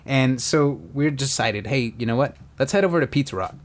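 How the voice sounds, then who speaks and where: A man co-hosts a casual podcast and tells road-trip stories in a relaxed, chatty way. He swears often and jumps into quick impressions of the people he met. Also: mid-range voice. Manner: profane, animated, acts out quotes. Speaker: podcast co-host. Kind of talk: casual storytelling chat.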